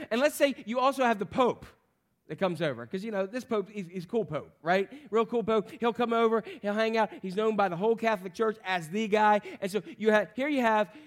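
A man preaching a sermon to a congregation, animated, asking the crowd questions and acting out the voices of people in the story. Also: high voice. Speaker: pastor.

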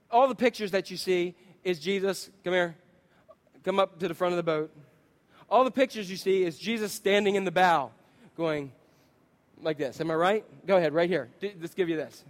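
A man preaching a sermon, telling stories with lively acted-out quotes and asking his listeners questions. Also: sits high. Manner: animated storytelling, acts out quotes, asks the congregation questions. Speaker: pastor.

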